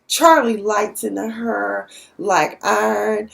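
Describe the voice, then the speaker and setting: A woman's voice: medium pitch, steady tone, takes it slowly, gravelly, a bit bright. A young woman from Dallas, sassily recapping a TV episode in a casual, outspoken way. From Dallas, Texas. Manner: sassy, outspoken, cussing.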